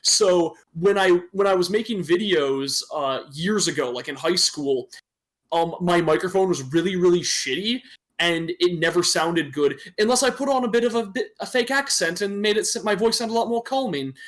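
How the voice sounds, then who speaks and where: A man's voice: sits high, expressive, moderate pace, a bit bright. A young man from Michigan, casually chatting on a podcast stream, joking and laughing at himself. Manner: laughing, self-mocking, profane. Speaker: podcast co-host. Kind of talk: casual chat. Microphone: desktop microphone on a stream.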